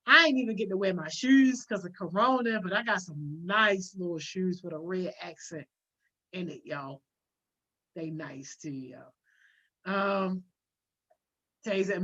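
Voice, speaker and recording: A woman's voice: medium pitch, pushed and bright. Slangy woman host reading chat comments, takes her time, sounds kinda muffled, says yo a lot. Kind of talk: casual live chat. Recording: dull lo-fi audio.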